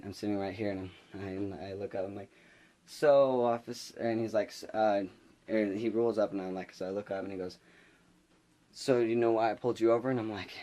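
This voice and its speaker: A young man in his late teens telling a storytime vlog, rambling and excitable as he acts out his own panic. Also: on the low side. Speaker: vlogger. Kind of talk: casual storytime.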